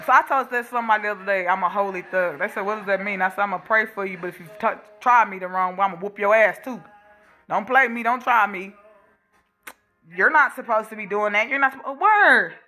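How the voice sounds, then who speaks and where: A woman's voice: mid-range voice, brisk, pushed and bright, soft background music. A woman vlogger talking straight to camera in a blunt, profane, fired-up rant. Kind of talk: casual monologue to camera.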